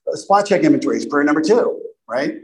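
A man's voice: a little high, lively intonation, fast talker, low-quality recording. A man speaking to a group at a recovery meeting, conversational and self-deprecating, often checking in with "right?".

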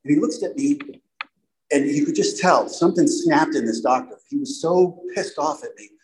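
A man's voice: fairly high pitch, moderate pace, a little mellow, a little hiss or hum, poor audio. A middle-aged man giving a candid personal testimony to an audience, rambling and full of "you know" asides. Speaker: speaker sharing a recovery story.

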